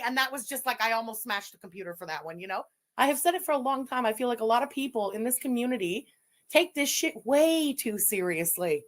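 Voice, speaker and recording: A woman livestreamer on an angry, profane rant, shouting insults at her audience. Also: on the high side, animated, fairly quick.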